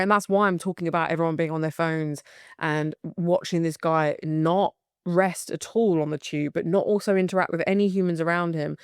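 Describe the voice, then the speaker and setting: A young woman with a British accent hosting a candid solo podcast, swearing freely and talking in an animated way with bursts of laughter. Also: lowish voice, smooth, dry recording, studio quality. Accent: British English. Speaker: podcast host.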